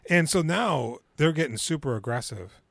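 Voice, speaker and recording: A man's voice: normal speed, creaky, dry recording. A podcast co-host retells a film scene by scene, his voice leaping up and down as he gets into it. The sound is close and dry with no room around it. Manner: animated retelling, acting out lines in high put-on voices. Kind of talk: casual movie recap chat.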